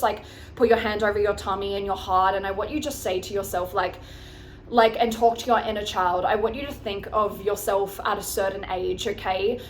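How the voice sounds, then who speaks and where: A woman's voice: mid-range voice, a little hiss or hum. A woman life coach giving casual, frank advice to her viewers, swearing freely and often checking in with them. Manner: frank and chatty, swears casually, keeps checking in with "okay, guys?".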